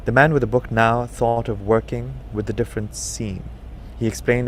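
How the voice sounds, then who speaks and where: A man narrating a story in a measured, unhurried reading. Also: medium pitch, fairly even intonation, a little hiss or hum.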